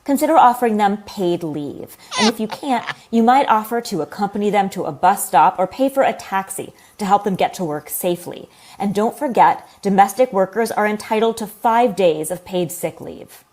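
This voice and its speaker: A woman narrating a newspaper explainer video in a scripted, even, advisory tone. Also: mid-range voice, moderate pace, few pauses.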